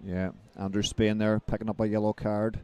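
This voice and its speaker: A man giving live play-by-play football commentary, brisk and lifting his voice as the action builds. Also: fairly low pitch, flat delivery, darkish tone, clean tone.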